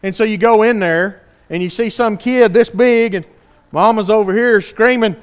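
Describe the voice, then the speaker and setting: A man preaching a sermon, earnest and animated, asking the congregation rhetorical questions. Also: high voice, normal speed, clean tone.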